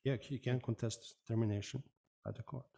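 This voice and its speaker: A man's voice: mid-range voice, fairly even intonation, brisk, dark tone, slight background noise. A man testifying as an expert witness, giving brief, matter-of-fact answers. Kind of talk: formal testimony.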